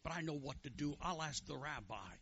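A man doing a slow, wry old friend. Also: on the high side, lively intonation, fairly bright tone, dull audio.

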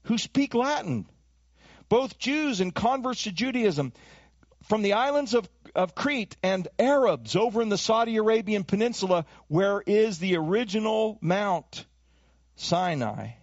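A man preaching a sermon as pastor, animated, dropping into acted voices and to make his points. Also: sits high, measured pace, no room sound. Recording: dull lo-fi dry recording.

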